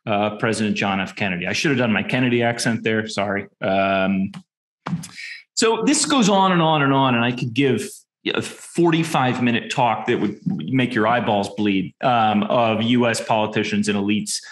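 A man's voice: mid-range voice, a bit bright. A man presenting his research paper from slides, talking informally with many ums and dry, wry asides. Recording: echoey room.

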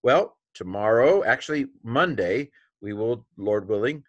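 Dry-voiced man teaching slowly. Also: mid-range voice, lively intonation, no room sound, lo-fi sound. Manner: thinking aloud with frequent fillers and self-corrections; spells out letters one by one. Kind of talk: Greek lesson walkthrough.

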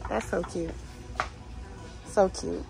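Slow and creaky, her medium-pitched voice carries a steady, darkish tone over faint background music, and the audio quality is poor. She casually vlogs inside a store, chatting, gushing over holiday decor and reading signs out loud.

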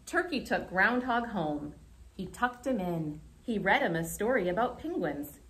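Animated woman reading to children. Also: medium pitch, a little slow. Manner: animated and expressive. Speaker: children's librarian. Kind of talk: remote children's storytime.

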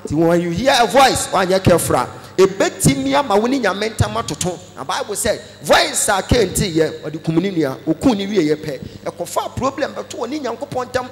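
A Ghanaian man preaching a sermon, animated, mixing Twi with English phrases and breaking into shouts. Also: sits high, normal speed, few pauses, long reverb tail, soft background music. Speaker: pastor.

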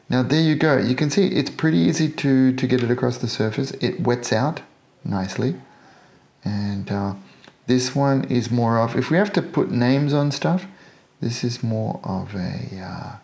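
An Australian man with a gravelly, rough-edged voice narrates a hands-on model painting tutorial. He talks casually as he works and drops in jokey, self-deprecating asides. His pitch sits in an ordinary middle range. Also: darkish tone.

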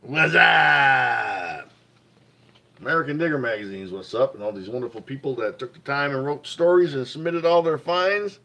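A man's voice: medium pitch, fast talker, hardly any pauses. A man hosting a casual livestream, reading out finds from a magazine and greeting viewers, with an enthusiastic manner. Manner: enthusiastic, repeats praise, greets chat viewers. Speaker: livestream host.

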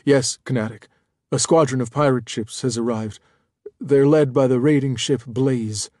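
A man's voice: medium pitch, measured pace, a little mellow, dry recording, clean studio sound, lightly acted. Man as a curt guard captain. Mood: grave.

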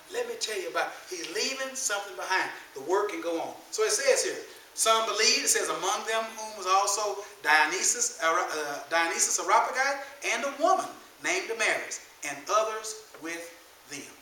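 A man's voice: sits high, normal speed, slight background noise. A man preaching a sermon as pastor, mixing casual colloquial talk with scripture reading and calling out to his congregation. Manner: animated preaching with call-outs to the congregation; casual colloquial speech mixed with King James scripture reading. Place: church sanctuary. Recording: echoey church room, distant mic, faint ambience.

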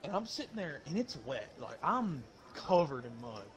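A man chats with his friends and tells a story from his childhood, building the suspense as he goes. His voice sits a little higher than most men's. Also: sing-song, normal speed. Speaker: channel host.

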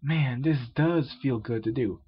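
A man's voice: medium pitch, measured pace, husky, pitched above the performer's own voice. A man voicing a puzzled, argumentative young man, in a muffled lo-fi recording. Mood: relaxed.

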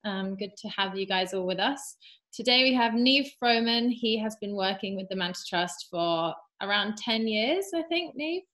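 A woman's voice: medium pitch, normal speed, fairly bright tone. A woman hosting an online webinar over a video call, upbeat and chatty with filler ums. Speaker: webinar host.

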